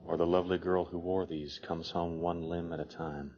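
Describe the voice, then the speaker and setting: An actor playing a slow, threatening kidnapper in a TV drama. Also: male voice, sits low, flat delivery, muffled recording. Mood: menacing. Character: menacing male kidnapper.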